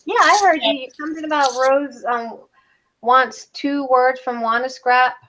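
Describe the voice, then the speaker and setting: A woman's voice: high voice, a little slow, pushed and bright, a little hiss or hum. A woman hosting a crafting livestream, chatting casually and reading out viewer comments while she works. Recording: dull lo-fi sound.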